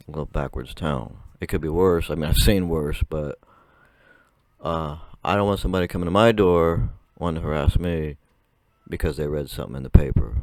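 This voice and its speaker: A young man with a very low voice that still cracks now and then tells a long, rambling story straight to camera. He chats casually and laughs often between his sentences. The sound is dry and close, with no room around it. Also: a little mellow, no room sound. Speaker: vlogger.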